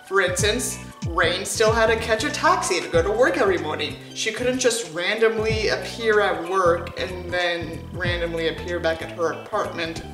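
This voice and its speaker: A woman's voice: on the low side, moderate pace, few pauses, pitched below the performer's own voice, natural voice. A woman reading out a self-satisfied author's note in a chatty, sugary voice. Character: gushing, self-satisfied woman author writing to her readers. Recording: roomy echo with music behind.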